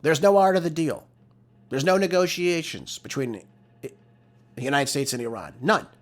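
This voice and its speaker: A man's voice: a little high, animated, normal speed. A man hosting a political talk show, delivering emphatic, exasperated solo commentary into a close mic.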